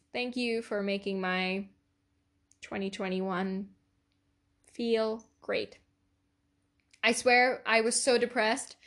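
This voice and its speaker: Bright, earnest young woman podcaster. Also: fairly high pitch. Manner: earnest, rambling, repeats herself emphatically. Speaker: podcast host. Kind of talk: solo podcast outro, casual chat.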